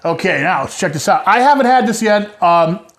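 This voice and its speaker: High-pitched middle-aged man, casual beer review host, joking, rambling, at home. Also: expressive, normal speed, noisy background. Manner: chatty, joking, rambling asides. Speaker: show host.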